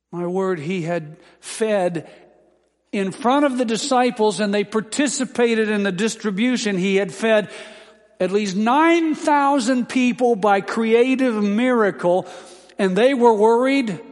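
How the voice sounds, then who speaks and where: A man preaching a sermon as pastor, building from calm teaching to emphatic, impassioned peaks. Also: high voice, slow pace, in a large hall.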